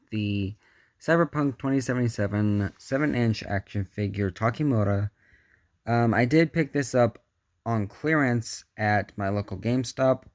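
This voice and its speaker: A man's voice: fairly low pitch, dry recording. A man giving a casual hands-on action figure review, chatty and muttering asides to himself as he handles the figure.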